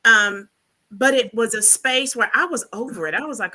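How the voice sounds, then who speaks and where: A woman's voice: a little high, moderate pace, sharp tone, a little hiss or hum, poor audio. A woman on a discussion panel, speaking in an emphatic, motivational way. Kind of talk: earnest group discussion.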